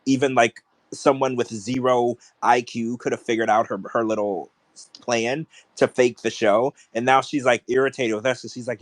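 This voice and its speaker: A man's voice: mid-range voice, steady tone, moderate pace, no echo. A man co-hosting a podcast, ranting in casual chat with strong opinions. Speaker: podcast co-host.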